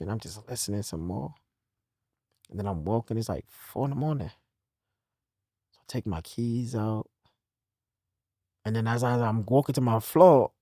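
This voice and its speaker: A young man from New talks in a casual chat. He tells his stories in a lively, up-and-down voice, dropping low and quiet, then rising loud. The sound is close and dry. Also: no room sound. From New York. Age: young adult. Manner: animated storytelling, swings from low and quiet to loud. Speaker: podcast guest telling his story. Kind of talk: casual conversation.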